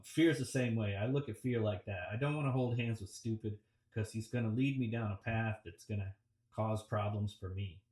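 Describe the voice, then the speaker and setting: A man's voice: medium pitch, a little mellow. Man, coaching talk, reflective, lots of ums, video call, roomy echo. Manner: reflective, easygoing, with frequent ums and restarts. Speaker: public speaking coach. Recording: roomy and distant from the mic.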